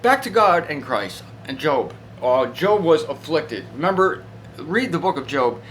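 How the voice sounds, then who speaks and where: Male Bible teacher, slightly high voice, animated and casual, faint background hiss. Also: measured pace, poor audio. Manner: animated and conversational, acting out voices. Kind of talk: informal Bible teaching talk.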